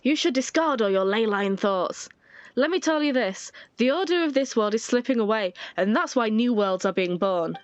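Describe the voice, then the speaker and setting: A woman's voice: a little high, animated, moderate pace, no room sound, lightly acted. A woman voicing a smug, condescending cult operative in a game who makes threats. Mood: preachy. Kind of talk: fan voice-over of a game scene. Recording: dull lo-fi with faint music.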